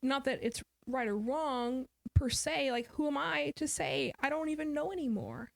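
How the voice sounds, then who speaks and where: A woman's voice: high-pitched, lively intonation, normal speed, creaky, dry recording. A woman guest author telling a personal story in an interview, candid and somber, often quoting what others said.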